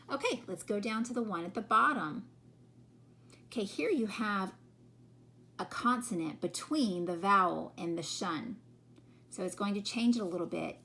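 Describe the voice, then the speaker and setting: A woman teaching a phonics lesson to children, sounding out words slowly and patiently. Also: mid-range voice, fairly bright tone, a little hiss or hum.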